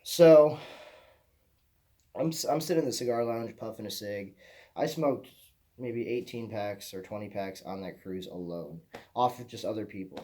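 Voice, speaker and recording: Mellow-voiced young man telling rambling stories. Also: lowish voice, normal speed. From Michigan, USA. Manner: profane, rambling, repeats himself. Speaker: vlogger. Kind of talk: rambling personal storytelling.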